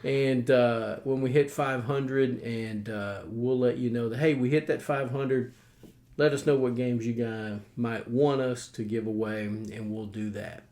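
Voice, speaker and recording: A man's voice: mid-range voice, steady tone, measured pace, a little mellow. A man with a country accent, hosting a casual board game chat with a folksy, rambling manner full of fillers. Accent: American Southern rural. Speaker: host.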